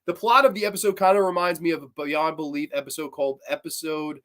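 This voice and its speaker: Guy reviewing horror episodes, kinda high voice, swears a lot, blunt and animated. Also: quick pace. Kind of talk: casual spoken review.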